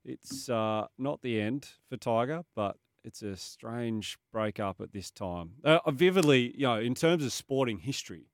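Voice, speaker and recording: A man's voice: mid-range voice, expressive, unhurried, hardly any pauses, dry recording, clean studio sound. An Australian man co-hosting a breakfast sports radio show, chatting casually and reading listener texts aloud.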